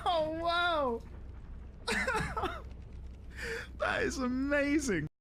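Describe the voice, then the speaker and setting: A woman streaming a game live, excitable and laughing often as she talks to her chat. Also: very high-pitched, drawn-out words, a little hiss or hum. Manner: excitable, squealing and laughing a lot. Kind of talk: casual live-stream chat while playing. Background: music.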